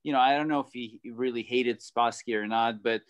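A man's voice: mid-range voice, steady tone, a little fast, clear, resonant tone. A male guest and former tennis player talking thoughtfully in a casual chat, with frequent hesitations. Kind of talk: casual video conversation.

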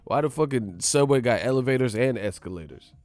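A man's voice: medium pitch, animated, fairly quick, darkish tone, dry recording. A man hosting a live stream, chatting casually with his viewers, loose and profane, joking as he reads out their comments.

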